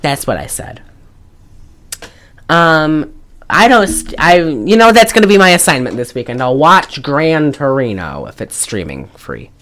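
A woman's voice: low-pitched, measured pace, rough recording. A woman hosting a podcast, chatting casually and jokily about a movie, with some swearing. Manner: animated, jokey, swearing, breaks into laughs. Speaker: podcast host. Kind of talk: casual movie-review chat.

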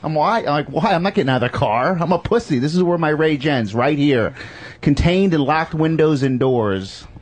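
A man's voice: a little high, animated, normal speed. Grumbling man doing stand-up. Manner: grumbling, bursts into shouted impressions. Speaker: stand-up comedian. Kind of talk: stand-up set.

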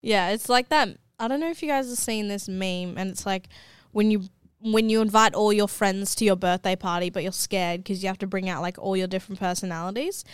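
A woman's voice: medium pitch, steady tone, fairly quick, clean tone, no echo. A young woman co-hosting a casual chat podcast, chatty, filling her talk with "like". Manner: chatty, uses "like" a lot, mimics others. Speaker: podcast co-host.

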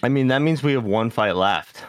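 A man's voice: mid-range voice, moderate pace, no room sound, studio quality. A man co-hosting an anime podcast in casual, joking chat, wrapping up the show. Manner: relaxed, joking, wraps up the show. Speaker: podcast co-host.

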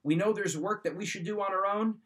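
A man's voice: sits high, fairly quick, a bit bright. A man hosting a motivational talk, giving life advice in a direct coaching manner and repeating his key points.

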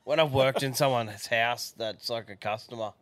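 A man's voice: medium pitch, moderate pace, fairly bright tone, no room sound. A man from Queensland with an Australian accent, co-hosting a casual podcast in a laid-back way with short interjections. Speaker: podcast co-host.

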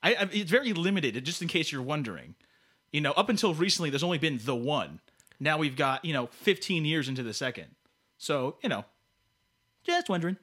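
A man's voice: a little high, sing-song, fairly quick, fairly bright tone. A man co-hosting a podcast, chatting casually with a playful, teasing and theatrical manner. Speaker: podcast co-host.

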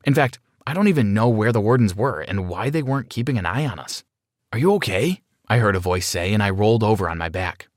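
A man narrating a dramatic first-person story in an expressive reading style. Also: on the low side, quick pace, few pauses, no echo, studio quality.

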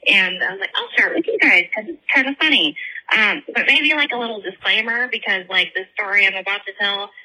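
Giggly 30s woman rambling into a voicemail, real bright tone but husky. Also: mid-range voice, brisk, poor audio. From Northern California. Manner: rambling, giggly, lots of likes and ums. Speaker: podcast caller. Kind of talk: casual voicemail storytelling.

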